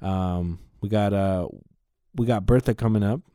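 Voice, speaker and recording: A man with a low, mellow voice hosts a casual podcast and spins a story in a loose, rambling way, swearing freely. The sound is dry and close. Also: measured pace, smooth, no room sound. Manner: rambling, profane, animated retelling. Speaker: podcast host.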